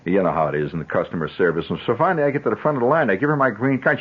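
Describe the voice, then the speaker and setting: A man's voice: on the low side, expressive, very fast, few pauses, husky. A man in his fifties, a radio host telling a long, rambling story in a conversational way with chuckling asides. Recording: dull 1970s radio broadcast.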